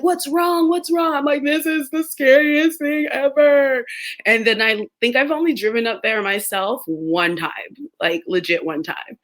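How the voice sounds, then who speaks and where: Animated young woman chatting on a live stream. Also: on the high side. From United States. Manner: animated storytelling, laughs often, mimics others. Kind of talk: casual chat.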